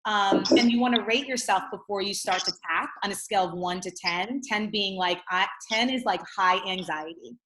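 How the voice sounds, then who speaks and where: A woman's voice: medium pitch, moderate pace, hardly any pauses, a bit bright. Chatty woman on a roomy video call. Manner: chatty, many "like" and "right?" tags. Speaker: guest. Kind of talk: casual explanatory chat.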